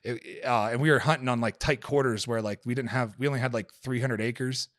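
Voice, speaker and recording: A man's voice: mid-range voice, fairly quick, a bit bright, dry recording, clean studio sound. A man in a casual podcast conversation, telling a hunting story in a rambling way, with lots of swearing and fillers.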